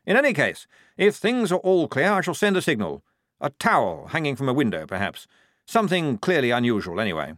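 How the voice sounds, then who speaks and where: A man's voice: medium pitch, huge pitch swings, brisk, fairly bright tone, no room sound, clean studio sound, voice pushed up. A man voicing an eager, naive, upper-class young male lieutenant, in a raised, chirpy voice. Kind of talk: audiobook character voice.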